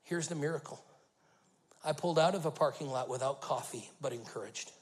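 A man, the lead pastor, preaching a sermon, telling stories and building to loud emphatic bursts. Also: medium pitch, fairly quick, poor audio.

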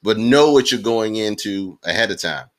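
A man co-hosting a casual podcast, talking in an emphatic, animated way and repeating phrases for effect. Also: on the low side, moderate pace. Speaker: podcast co-host.

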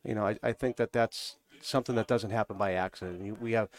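A man's voice: lowish voice, fairly even intonation, quick pace. A man with a New England accent, a cigar podcast co-host, chatting casually and telling rambling stories with easy laughs. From New Hampshire. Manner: rambling, storytelling, laughs easily. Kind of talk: casual chat.

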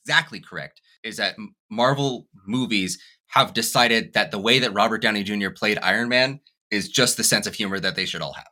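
A man hosting a casual movie discussion podcast, talking in a wry, sardonic way with quick asides. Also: fairly low pitch, bright, forceful tone. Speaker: podcast host.

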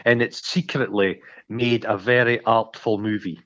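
A man co-hosting a film podcast, retelling scenes in a rambling, sweary, animated way. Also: lowish voice, measured pace, highs cut off. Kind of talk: casual chat.

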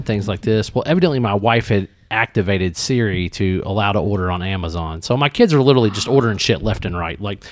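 Rambling deep-ish male podcast host. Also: brisk, no echo. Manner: rambling, animated, many fillers and restarts. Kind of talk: casual bourbon tasting chat.

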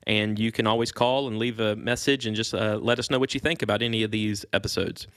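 A man's voice: lowish voice, fairly even intonation, quick pace, fairly bright tone, no room sound. A man hosting a casual faith podcast, laughing easily between thoughts and reading scripture aloud. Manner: laughs easily, filler-heavy delivery. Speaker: podcast host.

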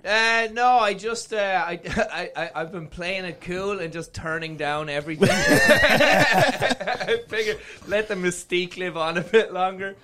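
A man's voice: high voice, very animated, measured pace, noisy background. A man, a guest comedian, teasing his hosts in casual podcast banter and laughing often. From Ireland.

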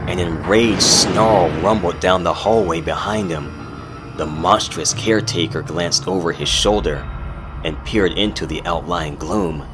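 A man narrating a horror story in a measured, dramatic storytelling style, over background music. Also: deep voice. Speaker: narrator and host. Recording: music playing underneath.

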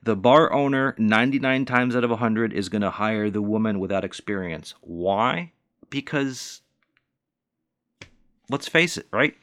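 A man's voice: medium pitch, a bit bright, dry recording. Forties guy venting hard, swears a lot, mid voice, dry close sound. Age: 40s. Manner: profane, indignant, mocking. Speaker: bartender. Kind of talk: ranting monologue.

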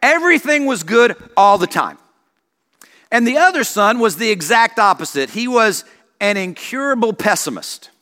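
Bright-voiced pastor preaching in a reverberant church. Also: male voice, high voice, moderate pace. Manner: animated storytelling with acted voices. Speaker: senior pastor. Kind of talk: sermon. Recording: long reverb of a church hall.

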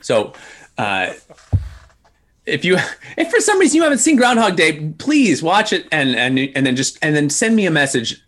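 A man hosting a podcast, telling stories in an animated, laughing way with lots of restarts. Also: fairly high pitch, normal speed. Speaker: podcast host. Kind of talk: casual storytelling chat.

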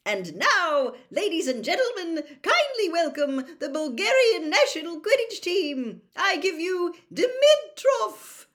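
A woman voicing a showy male wizard stadium announcer, shouting names to the crowd. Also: very high-pitched, big pitch swings, slow pace, hardly any pauses, voice pushed up, full character voice. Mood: announcing. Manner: loud, shouted proclamations.

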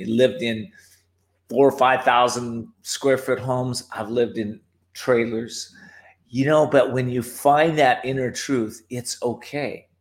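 A man as a podcast guest, telling his life story in a reflective way, with fillers and restarts. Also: medium pitch. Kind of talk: personal storytelling.

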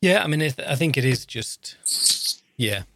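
Fifty-something guy rambling and joking on a podcast, dry close mic, middling pitch. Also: expressive, moderate pace, creaky, a bit bright, dry recording. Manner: jokey, rambling, self-deprecating. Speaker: podcast co-host, social worker. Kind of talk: casual chat.

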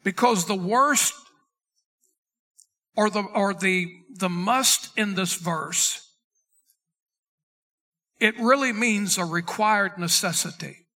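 A middle-aged male pastor delivers an emphatic sermon, slowing down to read scripture and punching single words for weight. His voice sits high for a man and carries a bright, forceful tone. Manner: emphatic preaching, stretches key words, reads scripture aloud.

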